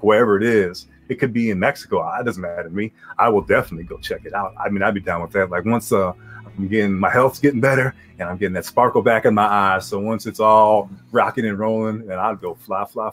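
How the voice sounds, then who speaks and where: A man, slightly low-pitched, chatting casually and at length. He talks in a relaxed, slangy, rambling way as a guest. Faint music plays underneath. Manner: laid-back, rambling, slangy. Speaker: guest, guild leader. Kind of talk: casual podcast interview.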